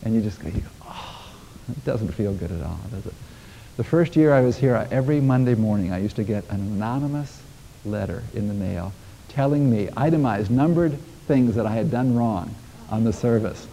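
A man's voice: mid-range voice, lively intonation, fairly quick, dark tone, long reverb tail, a little hiss or hum, poor audio. A male minister giving a conversational sermon, talking casually and chuckling through folksy asides to his congregation. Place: church sanctuary.

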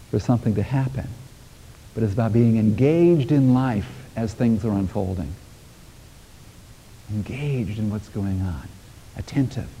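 A man's voice: medium pitch, vocal fry, dark tone, big-room sound, a little hiss or hum, poor audio. A male minister giving a conversational sermon, talking casually and chuckling through folksy asides to his congregation. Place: church sanctuary.

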